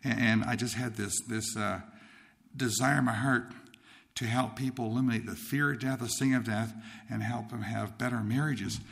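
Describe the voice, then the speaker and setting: A man's voice: mid-range voice, steady tone, normal speed, vocal fry, fairly bright tone. A man from Nova Scotia telling his life story as a testimony, rambling with many restarts and repeated words. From Nova Scotia, Canada. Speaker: speaker sharing his testimony.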